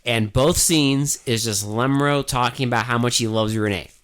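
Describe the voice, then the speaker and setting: A man's voice: mid-range voice, normal speed, fairly bright tone, clear, resonant tone. A man co-hosting a podcast, joking sarcastically and swearing as he talks about a movie. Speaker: podcast co-host. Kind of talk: casual movie review chat.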